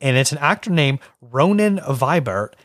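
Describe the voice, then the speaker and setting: A man's voice: medium pitch, moderate pace, no room sound, clean studio sound. A man co-hosting a podcast, telling stories casually about a film with "like" fillers. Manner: chatty, relaxed storytelling with "like" fillers. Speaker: podcast co-host. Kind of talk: casual movie discussion.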